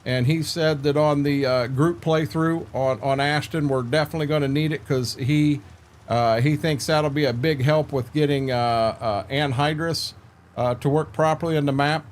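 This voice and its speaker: A man's voice: a little high, steady tone, moderate pace. An older man chatting casually with viewers while streaming a farming game, laid-back and rambling, repeating words and filling gaps with "uh".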